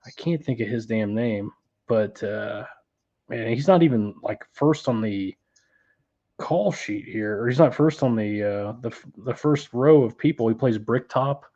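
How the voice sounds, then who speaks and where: A man's voice: medium pitch, a little slow, warm tone. A man hosting a casual film chat. He rambles with lots of fillers and laughs as he goes. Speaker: film club podcast host. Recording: dull lo-fi sound.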